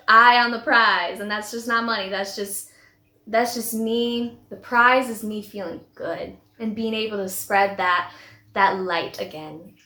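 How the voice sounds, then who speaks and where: A woman's voice: mid-range voice, steady tone, measured pace, pushed and bright. A woman in her thirties, a vlogger telling her personal story in a heartfelt, rambling way with many restarts. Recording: echoey room.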